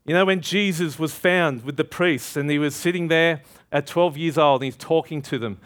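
A man's voice: fairly high pitch, moderate pace. A man preaching a sermon in a conversational way. He tells stories with energy and often checks in with the listeners. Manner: animated storytelling with laughter; conversational, asks "right?".

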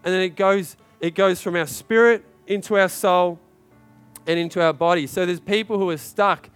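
A man preaching a sermon to a congregation, urging and repeating himself, building to shouted peaks. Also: high-pitched, fairly even intonation, moderate pace, clear, resonant tone, faint music behind. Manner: urgent, repetitive exhortation with rising shouted climaxes.

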